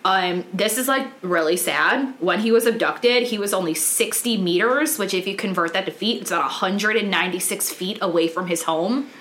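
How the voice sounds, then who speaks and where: Woman telling a true crime story, crisp bright tone, loose and chatty, roomy echo. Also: mid-range voice, normal speed, few pauses. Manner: chatty, candid, swears, many ums. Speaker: true crime podcast host. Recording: roomy echoey room.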